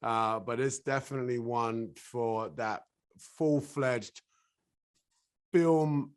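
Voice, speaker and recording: A man's voice: mid-range voice, slow pace, clear, resonant tone. A middle-aged man with a British accent, chatting casually as an interview guest and laughing easily. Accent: British English. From England. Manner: relaxed, laughs easily, slips into voices. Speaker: actor guest.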